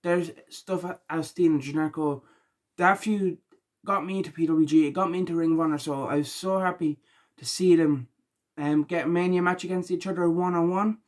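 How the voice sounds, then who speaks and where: A tired man talking casually through his reactions, rambling with lots of ums and likes, and rising loud and high when he gets annoyed. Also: steady tone, normal speed. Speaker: wrestling reaction vlogger. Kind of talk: casual spoken reaction vlog.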